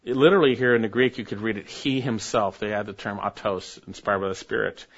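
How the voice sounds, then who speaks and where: A man preaching a sermon, reading scripture aloud and building to sudden emphatic rises in pitch and force. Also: fairly even intonation, fast talker, lo-fi sound. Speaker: pastor.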